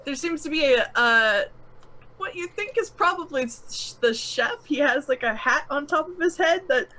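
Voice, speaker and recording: A woman's voice: sits high, lively intonation, measured pace, bright, forceful tone, poor audio. A woman running a tabletop game, describing the scene in a chatty way with many fillers and laughs. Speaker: game master.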